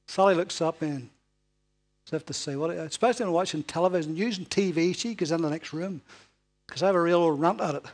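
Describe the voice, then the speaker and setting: A man preaches to his congregation in an easygoing, conversational sermon, checking in with tag questions as he goes. His voice sits fairly high for a man. Soft music plays faintly in the background. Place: church hall before a congregation.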